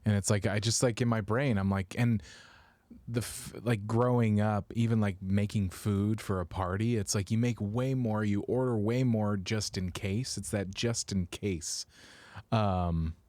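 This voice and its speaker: Lower voiced guy on a podcast, kinda hesitant, dry mic. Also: fairly even intonation, measured pace, darkish tone, no echo. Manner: thoughtful, hesitant, many restarts. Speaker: podcast co-host. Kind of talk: casual chat.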